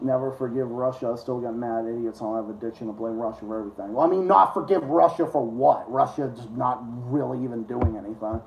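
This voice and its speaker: Male streamer host, sarcastic and foul-mouthed rant, mid-pitched voice, echoey room. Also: brisk, gravelly, few pauses, a little mellow. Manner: profane, sarcastic ranting. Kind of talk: ranting live-stream chat. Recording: roomy echo.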